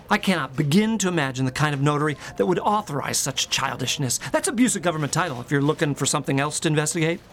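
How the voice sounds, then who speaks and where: A middle-aged man with a slightly higher voice tells his side of things in a prissy, self-righteous comic monologue, as if to a police officer. His indignation keeps climbing into shrill, strained rants. A faint hiss of room noise sits under him. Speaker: comedic monologue character.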